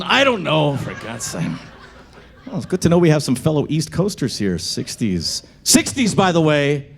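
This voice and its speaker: A male stand-up comedian with a high, very animated voice works the club crowd at a normal speed, chatting with them. Every so often he breaks into sung song parodies, with a guitar accompanying him.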